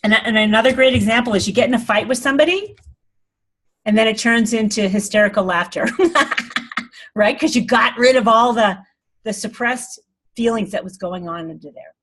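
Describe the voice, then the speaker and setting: A woman's voice: a little high, normal speed, a bit bright. Earnest woman teaching spirituality. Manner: earnest, rambling, laughs often. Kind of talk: informal talk to an online group.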